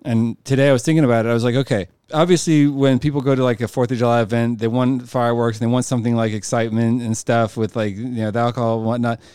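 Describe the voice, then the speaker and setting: A man's voice: medium pitch, little pitch movement, fast talker, few pauses, warm tone, clear, resonant tone, no room sound, studio quality. A man co-hosting a podcast in casual comedic chat, rambling, laughing often and using many fillers. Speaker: podcast co-host.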